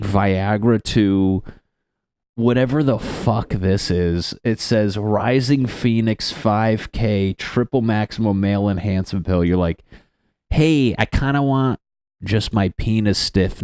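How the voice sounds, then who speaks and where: A man's voice: fairly low pitch, darkish tone, smooth, no echo, studio quality. Rambling, profane young man podcasting solo. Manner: rambling, profane, laughs at own jokes. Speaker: podcast host. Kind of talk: solo comedic podcast rant.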